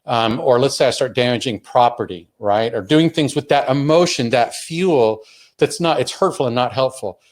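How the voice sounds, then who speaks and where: A man's voice: medium pitch, normal speed. A man presenting an instructional talk on handling emotions, earnest and explaining step by step with frequent restarts. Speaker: webinar presenter on emotional learning.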